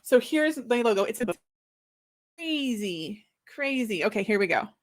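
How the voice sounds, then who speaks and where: Bubbly, excitable woman author, high voice. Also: quick pace. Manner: excited and flustered, chatty. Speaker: author hosting a book launch livestream. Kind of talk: casual livestream chat.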